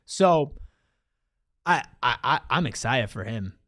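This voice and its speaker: A man co-hosting a sports show, talking in a casual, animated and emphatic way, with slang. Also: medium pitch, takes it slowly, no room sound. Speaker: sports podcast co-host.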